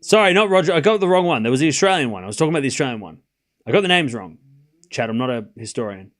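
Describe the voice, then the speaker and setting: A young man calls tennis points on a casual live stream, wandering into jokey tangents with his chat between rallies. He talks at an ordinary middle pitch, loose and unscripted, with a bit of swearing. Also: big pitch swings, racing, a bit bright.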